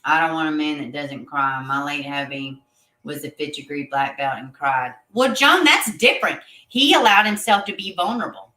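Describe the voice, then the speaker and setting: A woman's voice: low-pitched, lively intonation, moderate pace, bright, forceful tone, roomy sound. A woman hosting a casual livestream, chatting with viewers, reading their comments aloud and laughing often. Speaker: livestream host reading chat.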